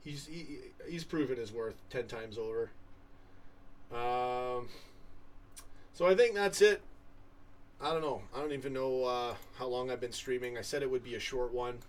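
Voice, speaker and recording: A young man from Canada rambles through a casual live stream and reads out viewers' comments. His voice is pitched in the middle, and he talks from a little way back from the mic in a room at home. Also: normal speed, long pauses, far from the mic. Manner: rambling, chatty, trails off and restarts. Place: home room with a computer fan humming.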